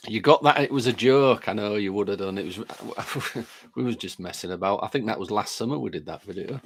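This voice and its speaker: A man with a fairly low voice hosts a live stream in a relaxed, chatty way. He works through the viewer comments, reads them aloud and greets people by name one after another. He still has a lingering chest cold. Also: fairly quick, slightly rough.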